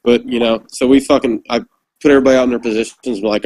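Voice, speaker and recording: Talking fast in a medium-pitched voice, this guest, once a Marine corporal, swaps war stories in a loose chat full of profanity. He's an animated storyteller, though the audio quality is poor.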